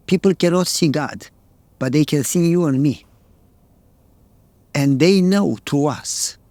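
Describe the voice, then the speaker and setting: A man's voice: a little high, creaky, darkish tone, dry recording. A male pastor preaching a sermon, telling a story in plain, earnest words.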